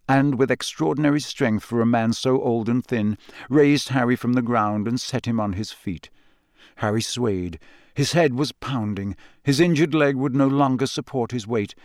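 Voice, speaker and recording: A man reading a novel aloud as narrator, in a measured, steady manner. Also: medium pitch, dry recording, clean studio sound. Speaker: audiobook narrator. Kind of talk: scripted narration.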